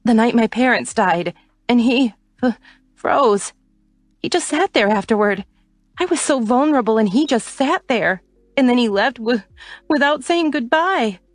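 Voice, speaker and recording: A woman's voice: medium pitch, moderate pace, a little mellow, no room sound, clean studio sound, voice pushed up, lightly acted. A woman voicing a heartbroken young woman who is crying, with a raised, shaky voice. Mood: tearful.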